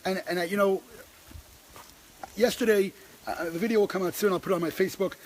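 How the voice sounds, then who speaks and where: Man, high voice, impassioned and halting, talking to camera over a noisy track. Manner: impassioned, many restarts, rising when stressed. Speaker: host. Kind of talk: passionate personal talk.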